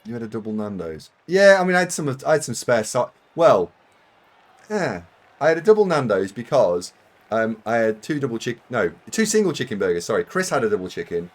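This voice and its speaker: Here a British gamer with a medium-pitched voice is very animated and fairly quick as he talks to his stream audience. The chat rambles, he teases himself, and he laughs a lot.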